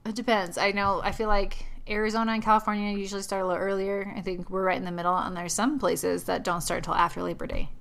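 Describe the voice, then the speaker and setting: A woman in her thirties hosting a family podcast in casual chat, chatty and quick to laugh. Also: mid-range voice, level tone, gravelly, a bit bright. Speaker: podcast host.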